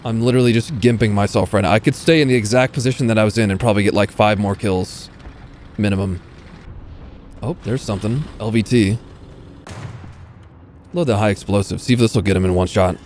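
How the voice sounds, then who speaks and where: Fairly low-pitched and darkish, this young gaming YouTuber's voice stays steady and brisk, broken by long pauses. He swears and mutters to himself in casual, self-deprecating commentary as he plays a tank game, with faint gunfire and engine noise behind him.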